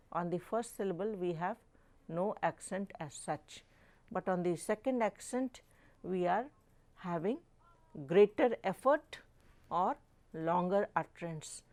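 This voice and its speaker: Indian english lady professor, super slow lecture, middle pitch, punches words to show stress. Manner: emphatic, stresses words to demonstrate pronunciation. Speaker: professor teaching a live online course. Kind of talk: slow, deliberate lecture with repeated definitions.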